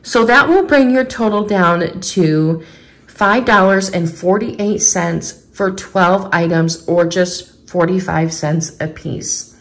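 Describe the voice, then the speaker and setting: A woman's voice: on the low side, slow pace. A woman vlogger chatting casually as she goes through a shopping haul, reading out prices and rebates item by item. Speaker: couponing vlogger.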